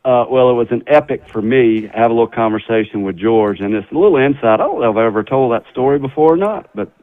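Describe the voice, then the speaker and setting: A middle-aged man, a former tour golfer, telling a folksy, animated story as a guest on a radio talk show. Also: mid-range voice, fast, dry recording. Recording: slightly dull radio sound.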